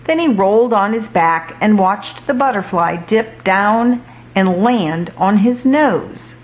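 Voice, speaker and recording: Woman reading a children's book aloud, slow pace, expressive storytelling, mid-range pitch.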